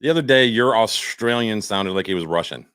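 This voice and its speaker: A man's voice: on the low side, expressive, a little fast, fairly bright tone, smooth, no echo, clean studio sound. An older man co-hosting a podcast, rambling and self-mocking in casual chat. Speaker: podcast co-host.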